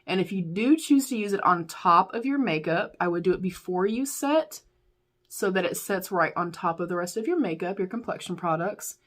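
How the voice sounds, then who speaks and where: Young woman, lower-pitched voice, candid and chatty, laughs easily, reviews makeup at a desk. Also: animated, moderate pace. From United States. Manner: candid, chatty, addresses viewers as y'all, laughs often. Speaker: beauty YouTuber. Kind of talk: casual chatty product review.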